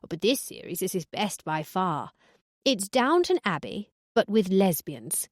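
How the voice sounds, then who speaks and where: A woman's voice: mid-range voice, very animated, a little slow, no room sound. A woman voicing a blunt, foul-mouthed older woman who lives on a cruise ship, trading dry, crude put-downs in an audiobook. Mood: cheerful. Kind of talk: audiobook dialogue.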